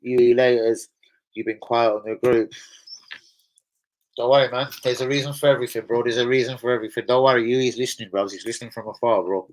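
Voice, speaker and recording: Fast and steady in tone, a young streamer with a mid-range voice keeps things loose and sweary, laughing often and responding to chat during a casual live stream. The recording is low quality.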